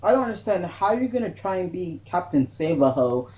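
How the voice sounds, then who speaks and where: Mid-pitched speaker, hesitant starts, explains at length in casual stream talk. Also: sing-song, a little fast, darkish tone. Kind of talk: casual live-stream discussion.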